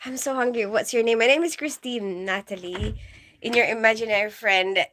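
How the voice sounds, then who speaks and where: A woman chats casually on a livestream, giggling as she greets viewers by name. Her voice sits a little high, with a bright, crisp edge. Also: normal speed, slight background noise. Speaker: nurse livestreamer.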